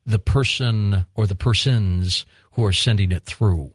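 Relaxed male late-night radio host. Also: lowish voice, measured pace, breathy edge, dry recording. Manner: relaxed, conversational, reflective. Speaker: radio talk show host.

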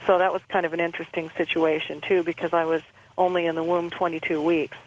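A woman interview guest calmly recounting a personal experience, halting and repeating words as she goes. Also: on the low side, muffled recording.

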